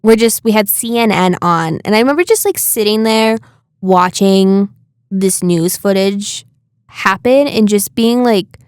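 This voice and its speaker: A young woman co-hosting a podcast, chatting casually and getting indignant in quick bursts. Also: medium pitch, smooth, dry recording, studio quality. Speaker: podcast co-host. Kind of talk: casual chat.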